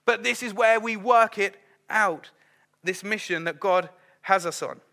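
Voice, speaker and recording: Middle-aged man, sermon, conversational, acts out quotes; high, bright voice. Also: a little slow, creaky. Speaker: preacher.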